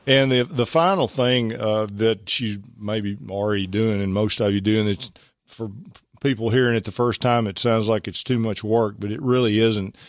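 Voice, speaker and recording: A man's voice: lowish voice, fairly even intonation, moderate pace, no echo, studio quality. A man hosting a call-in gardening radio show, giving rambling, folksy advice and spelling out product names.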